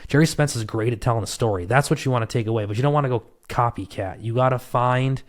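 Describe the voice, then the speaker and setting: A man, a trial lawyer, talking in a relaxed, self-deprecating way on a casual podcast. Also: medium pitch, fast talker.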